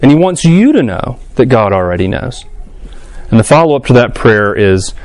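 A man's voice: mid-range voice, very animated, moderate pace, a little mellow, no echo. A man leading a casual church class, thinking aloud with ums and restarts and putting questions to the group. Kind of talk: casual adult class lecture.

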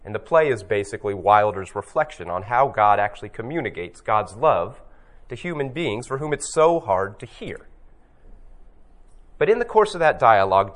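Reflective male Bible teacher. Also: on the low side. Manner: reflective, storytelling, slows to stress key phrases. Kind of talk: teaching talk on scripture.

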